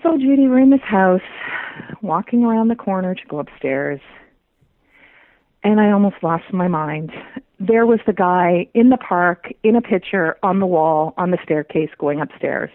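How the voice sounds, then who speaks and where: A woman telling a personal story as a guest, animated and laughing often. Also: fairly low pitch, moderate pace, no echo. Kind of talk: casual storytelling. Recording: tinny dry phone line.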